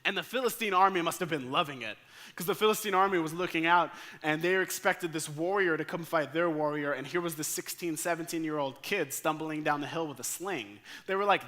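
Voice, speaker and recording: Bright-voiced animated young male pastor. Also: fairly high pitch, moderate pace. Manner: animated, acts out the characters' thoughts and lines. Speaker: staff pastor. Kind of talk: sermon storytelling.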